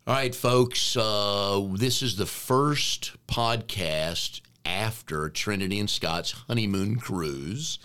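A man's voice: fairly low pitch, takes it slowly, few pauses, pushed and bright, clean tone. A man co-hosting a business coaching podcast, chatting casually with an easygoing, jokey manner.

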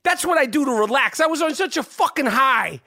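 A man hosting a podcast, talking sports in a profane, rambling, excitable way. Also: very high voice, fairly quick, gravelly, no room sound, studio quality. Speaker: podcast host. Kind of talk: casual sports chat.

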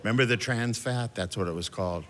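A man's voice: lowish voice, fast talker. A middle-aged man doing a self-deprecating stand-up comedy set, chatty and loose. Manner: self-deprecating, chatty, jumps into shouted character voices. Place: comedy club stage with a live audience. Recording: live club recording with audience noise.

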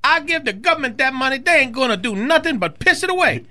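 A man's voice: expressive, quick pace, bright, forceful tone, exaggerated voice. A man voicing a man, in a comic radio skit. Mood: folksy storytelling. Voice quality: exaggerated high-pitched put-on voice. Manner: breaks character laughing. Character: Cajun man Justin LeBlanc, big appetite.

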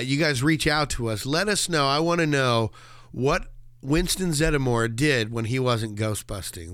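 A man's voice: mid-range voice, fairly bright tone, clean tone, no echo. A man co-hosting a movie podcast, chatting casually and animatedly, laughing and acting out quotes. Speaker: podcast co-host.

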